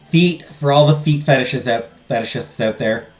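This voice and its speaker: A man's voice: mid-range voice, normal speed, faint music behind. A man hosting a let's play, reading a game's text aloud and joking with viewers in casual asides.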